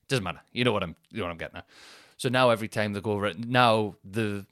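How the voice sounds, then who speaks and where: A man, talking in a fairly low voice as he rambles through a chatty solo podcast story. He keeps going off on tangents and laughing at his own anecdotes. The sound is dry and close. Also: fast, a bit bright, no echo. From Northeast England. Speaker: podcast host.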